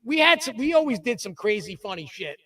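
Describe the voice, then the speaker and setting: A man's voice: a little fast, distant mic. A man hosting a podcast, telling stories in casual chat and acting out the people he quotes. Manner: animated storyteller, acts out quotes in a lower voice. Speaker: podcast host.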